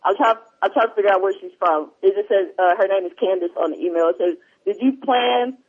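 A man's voice: high voice, fast talker, slightly rough. A man hosting a talk show in casual chat, reading listener emails in a rambling, easily distracted way. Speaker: podcast host. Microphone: headphones, remote line. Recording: dull lo-fi sound.

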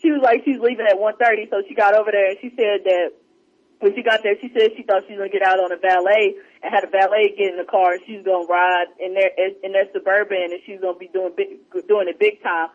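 A man on a podcast in casual chat, telling stories with lots of energy and acting out what people said. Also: quick pace. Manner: animated storyteller, acts out quotes in a higher voice. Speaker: podcast co-host. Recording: dull lo-fi sound.

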